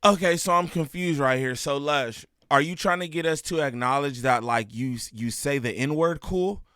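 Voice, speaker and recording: Man, casual reaction commentary, bright forceful voice, slightly high, animated, swings loud to muttering, dry close sound. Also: normal speed, clean tone, no room sound. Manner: animated, swings between loud exclaiming and low muttering, laughs often. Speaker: reaction video host.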